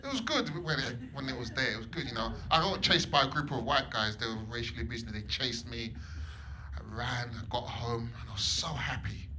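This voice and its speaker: A man performing stand-up comedy in a comedy club, animated, swinging between loud bursts and low mutters. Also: brisk. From England. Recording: live club set with audience noise. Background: audience laughter.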